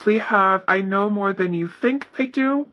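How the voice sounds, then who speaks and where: A woman giving a casual tarot reading, reading card messages aloud in a soft, hesitant way with many fillers. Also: medium pitch, unhurried, muffled recording. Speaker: tarot reader.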